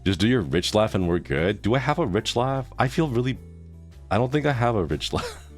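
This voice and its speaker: A man's voice: lowish voice, sing-song, brisk, soft background music. A man in his thirties chatting casually on a live stream, reacting to chat with groans and laughs. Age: 30s.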